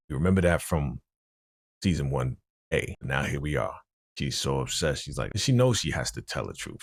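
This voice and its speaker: A man's voice: low-pitched, creaky, a little mellow, breathy edge, no room sound, studio quality. A man giving a casual recap of a TV episode, retelling scenes through quoted dialogue and speaking out plainly about what he dislikes. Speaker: TV recap vlogger.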